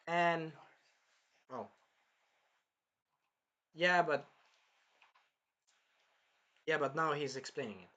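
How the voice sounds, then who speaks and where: A man recapping an anime episode in an excitable, rambling way, jumping between plot points. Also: a little high, slow, pauses often, highs cut off. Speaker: anime reviewer.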